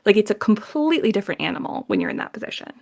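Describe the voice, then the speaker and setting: A woman's voice: mid-range voice, creaky. A young woman voice actor with a Southern US accent, chatting in an interview and laughing often. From southern United States. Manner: animated, laughs often, mixes in quick demo voices. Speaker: professional voice actor guest. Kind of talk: casual interview chat.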